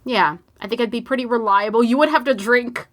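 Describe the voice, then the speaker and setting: A woman's voice: fairly high pitch, fairly quick. A young woman co-hosting a podcast in casual chat, laughing often and talking with lots of fillers. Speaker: podcast co-host.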